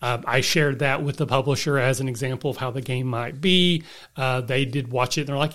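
A man's voice: mid-range voice, fairly bright tone. Easygoing man giving podcast updates. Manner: measured, conversational, gives updates. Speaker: podcast co-host. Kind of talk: casual podcast chat.

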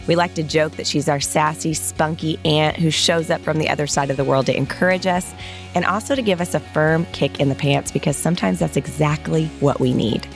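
Upbeat woman podcast host with an Oklahoma accent, low voice, bubbly delivery. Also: fairly even intonation, fairly quick, soft background music. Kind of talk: scripted intro and casual chat.

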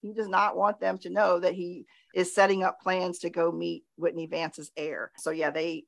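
A woman hosting a podcast, recapping television episodes in a relaxed, chatty way and laughing easily. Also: fairly low pitch, moderate pace, gravelly, no echo. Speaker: podcast host.

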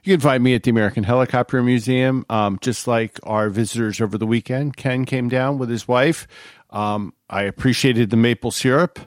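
A man with an even, mid-pitched voice, recorded dry and close. He co-hosts a podcast in a relaxed, joking way. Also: a little fast, no room sound. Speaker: podcast co-host from a museum. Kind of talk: casual chat.

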